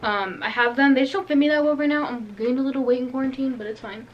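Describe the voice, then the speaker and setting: Teen girl showing off new clothes, chatty and rambly, kinda high voice. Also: fast talker, dull audio. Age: teens. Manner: bubbly, rambling, lots of "like" and "um". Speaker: vlogger. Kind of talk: casual clothing haul chat.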